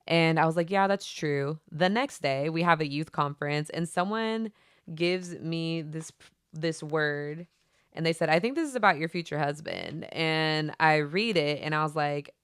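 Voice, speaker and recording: A young adult woman hosting a faith podcast, retelling events in a chatty, animated way full of fillers. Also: low voice, unhurried, smooth, no room sound, studio quality. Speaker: podcast host. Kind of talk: casual faith podcast storytelling.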